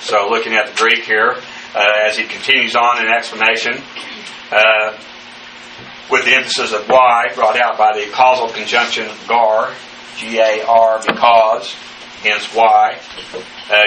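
A man teaching the Bible verse by verse, speaking haltingly with many fillers and spelling out Greek words letter by letter. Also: on the low side, flat delivery, sharp tone. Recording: echoey room, distant mic, faint noise.

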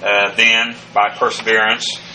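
Male Bible teacher, low, bright-edged voice, methodical verse-by-verse Greek study, recorded a little off-mic with faint ambience. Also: level tone, unhurried, recorded from a distance, slight background noise, low-quality recording. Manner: methodical, spells out Greek words letter by letter; frequent "uh" fillers and restarts.

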